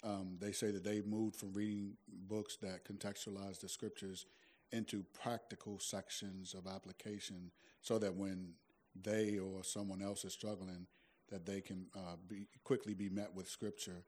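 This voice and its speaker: A man's voice: low-pitched, little pitch movement, moderate pace, a little mellow. A man moderating a church question session, reading out a question hesitantly with many fillers.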